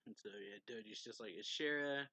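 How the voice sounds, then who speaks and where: A man's voice: mid-range voice, measured pace, sharp tone, dry recording, poor audio. A man casually reviewing a manga chapter, recapping the plot in a rambling way, chuckling often and using lots of fillers.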